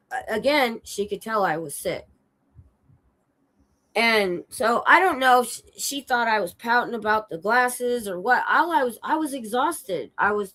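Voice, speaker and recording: Hoarse woman telling a story. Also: medium pitch, poor audio. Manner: animated storytelling, swearing, acting out quotes. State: sick and hoarse. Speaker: streamer telling a travel story. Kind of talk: casual chat. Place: home streaming setup.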